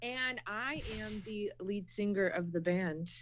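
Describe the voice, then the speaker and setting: A woman's voice: mid-range voice, a little hiss or hum. A woman, a band's lead singer, calling in while distracted by babysitting. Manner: distracted, unhurried. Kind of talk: casual interview chat.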